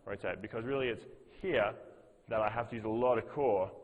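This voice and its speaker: A low-pitched man leads a gym class, counting reps and talking through each movement as he demonstrates it. His voice carries a long reverb, as if he is recorded in a big hall. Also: fairly quick, phone-quality sound. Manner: coaching, counts reps aloud, demonstrates as he talks. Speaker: fitness instructor.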